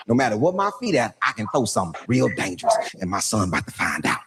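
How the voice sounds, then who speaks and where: Man, comic storyteller, boastful, plays every voice, wildly swinging pitch, noisy recording. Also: quick pace, few pauses, in a large hall. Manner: animated, boastful, acts out all the voices.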